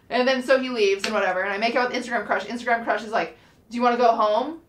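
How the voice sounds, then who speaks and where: A young woman co-hosts a podcast and tells a story in a lively, animated way, acting out every quoted line. Her voice sits a little high. The room adds a clear echo. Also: rapid-fire. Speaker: podcast co-host. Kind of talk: casual storytelling chat. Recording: roomy, echoey sound.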